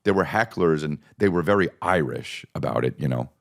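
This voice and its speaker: A man's voice: very deep voice, animated, fairly quick, gravelly. A man hosting a podcast, riffing through a profane, rambling comedic monologue with repeated bits. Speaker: podcast host.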